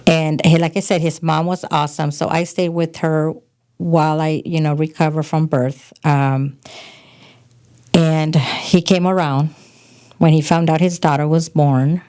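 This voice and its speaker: A middle-aged woman from California, a podcast guest telling frank, animated stories about her past in casual conversation. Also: sits low, measured pace. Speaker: podcast guest, host's mother. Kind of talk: casual storytelling chat.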